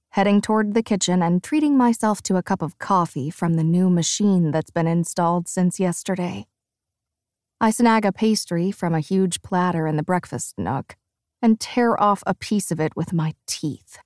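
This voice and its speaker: A woman narrating a first-person audiobook with expressive, lively storytelling. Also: lowish voice, normal speed, dry recording, clean studio sound.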